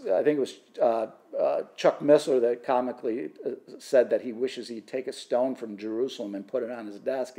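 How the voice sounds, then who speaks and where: A man's voice: medium pitch, dark tone. A man teaching through a Bible passage in sermon style, impassioned and rising to fervent emphasis, with frequent restarts.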